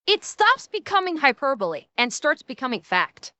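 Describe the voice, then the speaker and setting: A woman's voice: high voice, big pitch swings, moderate pace, few pauses, bright, forceful tone, no room sound. A woman streamer in a heated, profane live reaction rant, talking into a desk microphone. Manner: angry, profane, heated ranting.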